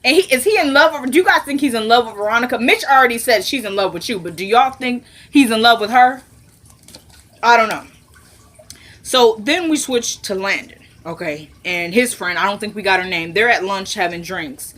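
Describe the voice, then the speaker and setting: A woman casually recapping a TV episode for her viewers, acting out the characters' lines in quick voices, laughing and dropping into low asides. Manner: animated, laughs and squeals when amused.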